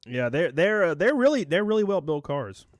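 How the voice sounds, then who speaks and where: A man's voice: a little high, big pitch swings, normal speed, no room sound. A man live-streaming in a casual, rambling way, joking, swearing freely and thanking his viewers by name.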